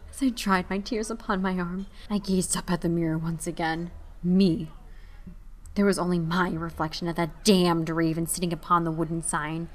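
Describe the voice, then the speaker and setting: A woman's voice: lowish voice, flat delivery, normal speed. Young woman reading a story with feeling. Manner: emotive, shifts between hushed and raised. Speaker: narrator. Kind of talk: dramatic reading of a short story.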